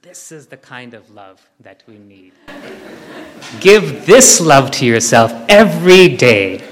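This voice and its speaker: A man giving a devotional talk to an audience, animated, leading them in group chants. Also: a little high, takes it slowly. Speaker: spiritual speaker. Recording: hall with long reverb.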